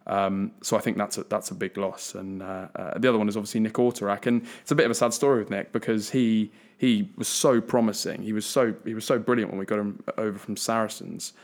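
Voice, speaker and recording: A young man with a lowish voice talks earnestly on a casual podcast. He often stumbles and restarts his sentences as he works through his thoughts. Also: fairly even intonation, brisk, few pauses. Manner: hesitant, many restarts, earnest. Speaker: podcast co-host.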